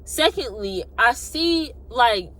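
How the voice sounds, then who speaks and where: A young adult woman casually telling a personal story, animated and colloquial, acting out what people said. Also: fairly high pitch, slow. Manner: animated, acts out quotes, colloquial. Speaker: vlogger.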